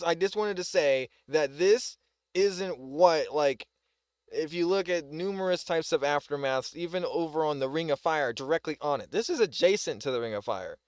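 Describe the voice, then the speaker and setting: A man's voice: a little high, darkish tone, clear, resonant tone, no echo. A man with a Southern US accent, ranting in a rambling, heated way while reacting to a news video on a live stream. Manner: rambling, heated, lots of "like" and "bro". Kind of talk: casual commentary on a news video.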